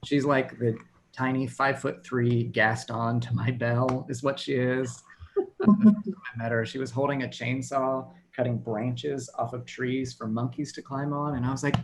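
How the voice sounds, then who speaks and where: A man's voice: medium pitch, normal speed, a little hiss or hum. A man in his thirties from Texas doing a stand-up set over a video call, self-deprecating and laughing at his own jokes. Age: 30s. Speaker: stand-up comedian.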